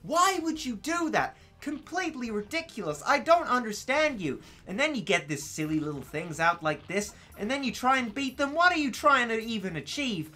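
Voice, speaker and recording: A man putting on a shrill, nagging American woman. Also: big pitch swings, normal speed, hardly any pauses, sharp tone, heavily acted. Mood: exasperated.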